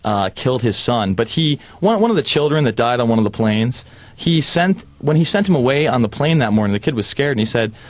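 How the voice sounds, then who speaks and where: A man appearing as a guest on a radio talk show, defending himself in an animated, rambling way. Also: medium pitch, brisk, no room sound. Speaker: studio guest.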